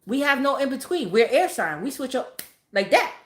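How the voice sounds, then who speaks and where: Female vlogger, slightly high voice, blunt and profane, casual rant; roomy echo. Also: big pitch swings, moderate pace, fairly bright tone. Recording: echoey room.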